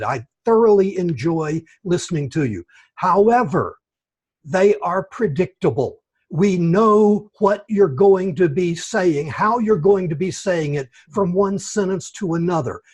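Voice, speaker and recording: A man evaluating a speech at an online club meeting, giving encouraging feedback in slow, deliberate phrases over a video call. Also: sits high, a little mellow, slightly rough. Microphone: computer mic on video call.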